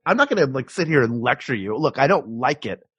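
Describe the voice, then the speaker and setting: A man with a husky, slightly breathy voice and a mid-range pitch, co-hosting a podcast from home. He talks in a loose, rambling way, restarting his sentences and laughing often. The sound is dry and close. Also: sing-song, brisk, dry recording, muffled recording. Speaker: podcast co-host. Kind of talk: casual chat. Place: his home, recording remotely.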